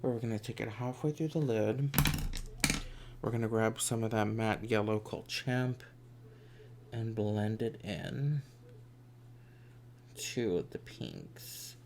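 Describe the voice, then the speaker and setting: A man's voice: on the low side, slow pace, pauses often, background noise. A man chatting through a makeup tutorial in a campy, sassy way, sometimes dropping into whispered asides. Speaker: makeup vlogger. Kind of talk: casual makeup tutorial chat.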